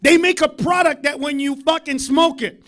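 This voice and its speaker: Male stand-up comic, voice sitting very high, loud and foul-mouthed ranting delivery, live club set on a stage mic. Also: steady tone, moderate pace. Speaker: stand-up comedian.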